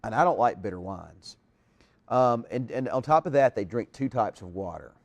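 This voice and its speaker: A man's voice: medium pitch, animated, moderate pace. A man hosting a casual live chat show, talking in a rambling way with lots of restarts.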